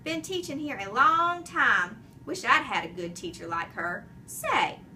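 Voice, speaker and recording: A woman voicing a jolly mustached male night janitor who booms, jokes and roars with laughter. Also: animated, a little slow, pushed and bright, recorded from a distance, a little hiss or hum, heavily acted. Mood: booming jokey. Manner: booming, jokey, big roaring laugh.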